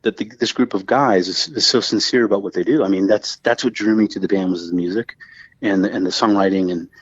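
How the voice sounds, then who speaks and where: A man's voice: lowish voice, fairly quick, breathy edge, lo-fi sound. Laid-back Southern Californian man, rambling. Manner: rambling, laughs often, acts out quoted voices. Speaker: guest musician. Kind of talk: casual interview chat.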